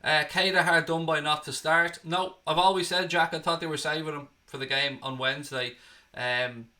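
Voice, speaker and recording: A man's voice: fairly high pitch, steady tone, moderate pace, pushed and bright. An Irish man hosting a live stream, chatting casually, reading viewer comments aloud and answering them, with the odd swear word. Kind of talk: casual live watchalong chat.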